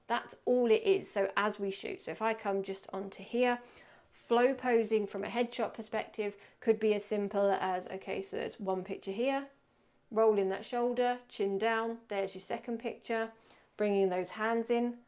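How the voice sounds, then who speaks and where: Creaky-voiced woman teaching portrait posing. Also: medium pitch, a little mellow. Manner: chatty, demonstrates poses while explaining. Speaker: photography workshop tutor. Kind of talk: casual instructional talk. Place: photo studio.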